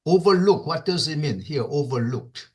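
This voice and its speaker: A man with a Korean accent teaching an English class online. He repeats words often, fills pauses with "uh", and checks in with "okay?". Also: a little high, animated, darkish tone. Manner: slow, repeats words, many fillers, asks "okay?".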